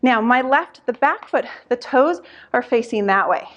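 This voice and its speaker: A woman's voice: fairly high pitch, expressive, unhurried, fairly bright tone, dull audio. A young adult woman instructor talking through a Pilates workout while doing it, out of breath, counting reps with sighs between them.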